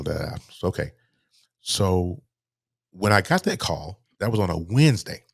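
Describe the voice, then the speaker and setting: A middle-aged man, softly telling a personal story as a podcast guest, halting and restarting as he speaks. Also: sits low, big pitch swings, gravelly, husky, no echo, clean studio sound. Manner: soft-spoken, halting, with repeated restarts.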